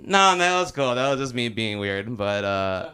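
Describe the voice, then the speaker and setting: A man's voice: medium pitch, big pitch swings, normal speed, pushed and bright. A young man from Los Angeles doing a loose, rambling, profane open mic stand-up set in a small comedy club.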